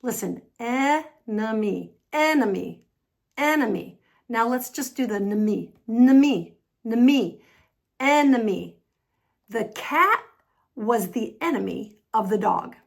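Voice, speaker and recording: A woman with an American accent teaching an online English pronunciation lesson, patient and upbeat, demonstrating sounds slowly and repeating them. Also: on the high side, expressive, gravelly, breathy edge. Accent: General American.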